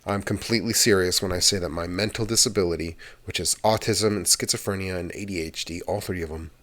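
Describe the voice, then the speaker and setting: Low-voiced young man rambling. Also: steady tone, quick pace, a bit bright. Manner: meandering and chatty, with casual swearing. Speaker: ASMR channel host. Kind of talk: rambling casual monologue.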